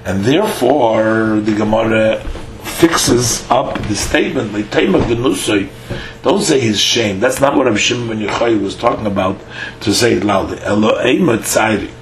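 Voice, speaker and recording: A man giving a Talmud lesson, reading each line aloud, then explaining it in English with frequent "uh" fillers. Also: lowish voice. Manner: reads Aramaic lines then explains, with halting fillers. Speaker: Talmud teacher. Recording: echoey room with faint hum.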